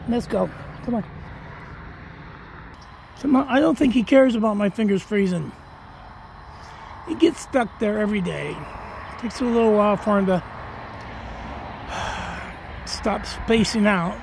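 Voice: mid-range voice, unhurried, creaky, pauses often, a little mellow, slight background noise. A person talking to their cat in a casual, coaxing, sing-song way while filming a walk outdoors in the cold on a phone. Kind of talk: casual talk to a pet.

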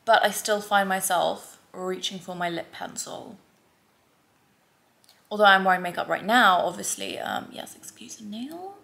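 A woman's voice: medium pitch, unhurried, creaky, fairly bright tone. A young woman with a London accent, chatting candidly in a casual beauty vlog, full of "like" and "babe". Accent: London English. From England. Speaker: beauty vlogger. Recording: faint background noise.

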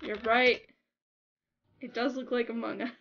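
A young woman chatting casually to her viewers while playing a game on a livestream, giggly and excitable. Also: a little high, a little slow, vocal fry, lo-fi sound. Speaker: gaming livestreamer. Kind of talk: casual livestream chat over gameplay.

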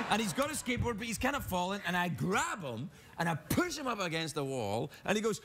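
A man's voice: sits high, fairly quick, slight background noise. A man with a Glaswegian accent hosting a late-night talk show, telling a story with theatrical flair. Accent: Scottish, Glaswegian. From Scotland. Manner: animated, theatrical storytelling with acted-out voices. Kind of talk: comic talk show banter.

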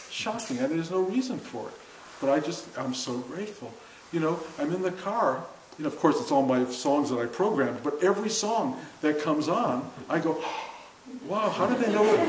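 A man's voice: fairly high pitch, a little mellow. An older man giving an informal spiritual talk to a class, earnest and conversational, often laughing as he speaks. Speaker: spiritual teacher. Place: room with a seated audience. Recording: roomy echo with faint hiss.

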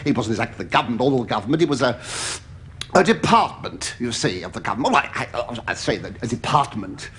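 A middle-aged English comedian with a stammering, camp delivery, full of asides to a live audience. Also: male voice, mid-range voice, very animated, quick pace. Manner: stammering, camp asides, ooh-ing and mock protest. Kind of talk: stand-up style sitcom monologue to live audience. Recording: loud studio audience laughter and noise.

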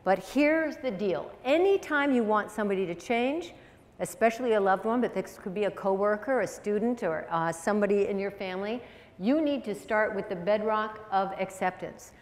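A middle-aged woman giving a lively, chatty public lecture and drawing in her audience with questions. Her mid-range voice rings with the long reverb of a school auditorium. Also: mid-range voice, normal speed. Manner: lively, conversational, audience-engaging. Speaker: speaker, psychologist.

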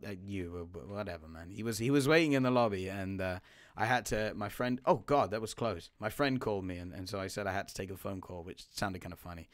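Talking to a teammate over live gameplay, a male gaming YouTuber shifts from low mutters to abrupt, startled yelps. He has a lowish voice.

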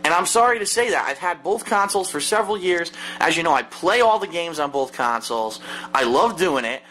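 High, lively, heated ranting man. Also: a little fast, soft background music, low-quality recording. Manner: swears constantly, heated and exasperated. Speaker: gaming video host. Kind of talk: angry profane rant to camera. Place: seated indoors at home.

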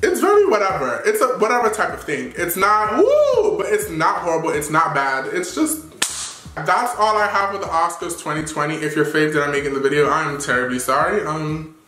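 A man giving sassy, animated red carpet fashion commentary full of playful slang. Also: a little high, a little fast, reverberant, slight background noise.

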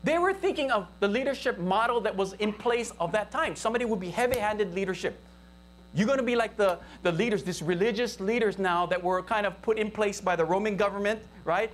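A pastor with a Hawaii local accent preaches at a church service in an easy, conversational way. The voice sits at a middling pitch. A faint hum runs underneath. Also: a little fast. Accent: Hawaii local English. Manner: conversational, asks the congregation for responses. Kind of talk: sermon. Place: church service, live-streamed.

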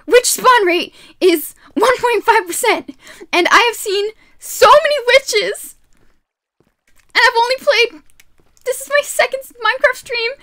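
A woman streams a game live, yelling excitably at what happens on screen, her throat sore from all the shouting. Her voice sits high and swoops widely in pitch. The tone is bright and sharp.

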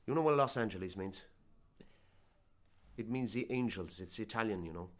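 An actor playing an older Irish film-star hellraiser who stammers, rambles and bristles at any slight, in a comedy sketch interview. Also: male voice, on the low side, animated, natural voice. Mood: rambling. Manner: stammering, rambling, quick to take offense. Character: aging boozy Irish film-star hellraiser, blustering and touchy.

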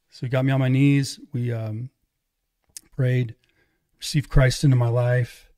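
A man's voice: mid-range voice, fairly even intonation, normal speed, darkish tone. A middle-aged man sharing his life story in a loose, conversational way, often acting out what people said to him. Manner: loose, conversational, quotes others in dialogue. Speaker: podcast guest, evangelist. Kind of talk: casual testimony storytelling.

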